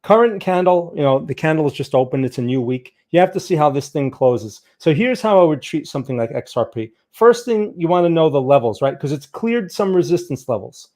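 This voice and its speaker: A man with a somewhat high voice walks viewers through market charts on a live stream. He talks in a loose, conversational way and keeps checking in with his audience. He stresses the points he wants them to see on the charts. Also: lively intonation, fairly quick, few pauses, darkish tone. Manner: emphatic, urging viewers to look at charts.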